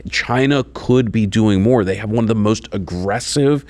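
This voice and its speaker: A man's voice: on the low side, normal speed, a little mellow, no echo. A man, a lawyer guest on a political talk show, speaking bluntly with jokes and swearing. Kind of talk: political commentary chat.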